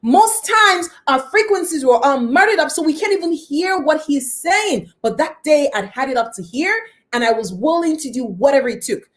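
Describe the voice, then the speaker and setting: Animated woman telling her life story. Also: normal speed. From lives near Toronto. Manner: animated, greets viewers by name, dramatic pitch swings. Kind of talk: personal storytelling live stream.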